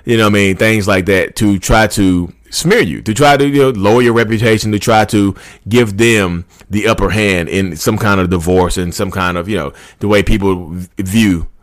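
A man in his thirties talks straight to his audience in a casual, rambling way, sliding into passionate rants. His voice sits on the low side. The sound is dry and close, with no room echo. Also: moderate pace. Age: 30s. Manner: chatty and rambling, often addresses viewers as "y'all"; passionate, ranting bursts. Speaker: YouTube channel host. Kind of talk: casual talk to camera.

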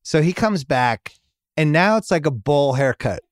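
A man's voice: on the high side, lively intonation, a little slow, no room sound, clean studio sound. A middle-aged man hosting a podcast, telling a rambling family story in casual chat and laughing at his own jokes. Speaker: podcast host.

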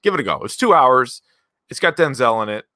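A man hosts a relaxed podcast chat with a co-host. He rambles, throws in lots of fillers, and leans emphatically on key words. His voice is bright and clear, in a close, dry sound. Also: mid-range voice, fairly quick, no room sound. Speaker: podcast host reviewing movies. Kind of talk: casual chat.

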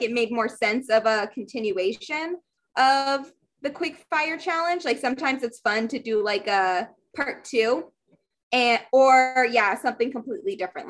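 Young woman, podcast co-host, casual filler-heavy chat, higher pitch. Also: a bit bright. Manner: chatty, lots of fillers.

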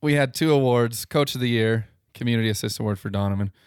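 A man's voice: mid-range voice, clean tone, no echo, clean studio sound. A man co-hosting a casual sports podcast, running through game recaps and awards with frequent ums. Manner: recaps games in quick bursts with ums. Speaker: podcast co-host.

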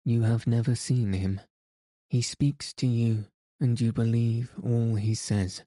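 A man's voice: mid-range voice, steady tone, slow pace, warm tone, dry recording, clean studio sound. A man voicing a worried male opera manager who groans and questions in disbelief. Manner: groaning, incredulous.

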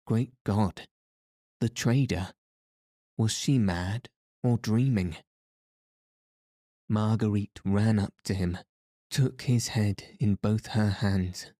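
A man's voice: fairly low pitch, mellow, no room sound, studio quality. A man reading a bedtime story aloud as a sleep podcast narrator, in a soothing way. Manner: slow, soothing.

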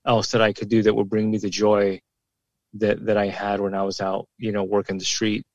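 A man in his forties, a former police officer, speaks bluntly and with emphasis, swearing freely and doubling his words as he makes a point. His voice sits low, and it is recorded dry and close with no room sound. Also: level tone, normal speed, a little mellow, no room sound, highs cut off. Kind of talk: casual podcast conversation.

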